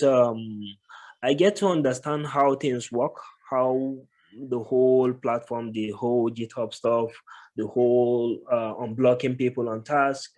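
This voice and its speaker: Man answering with frequent filler pauses. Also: mid-range voice, darkish tone. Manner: thoughtful, many filler pauses. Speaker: guest, tech professional. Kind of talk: casual interview answers.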